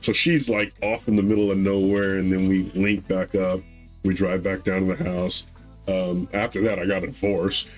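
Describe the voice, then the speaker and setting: A man's voice: low-pitched, flat delivery, normal speed, faint music behind, low-quality recording. A man in his thirties telling a rambling story in casual podcast chat, acting out other people's voices and laughing often. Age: 30s. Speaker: podcast co-host.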